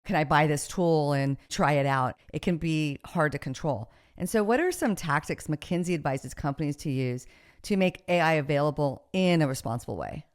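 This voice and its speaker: A woman's voice: low voice, expressive, moderate pace. A woman hosting an interview podcast, talking conversationally and affirming her guest often. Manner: conversational, frequent affirming backchannels. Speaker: podcast host.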